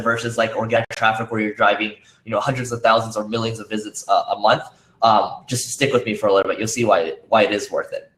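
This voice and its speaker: A man's voice: on the low side, fairly bright tone. A man speaking at a conference, talking casually with many fillers and restarts, his voice worn from use. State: losing his voice. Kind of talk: conference talk. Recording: roomy echo.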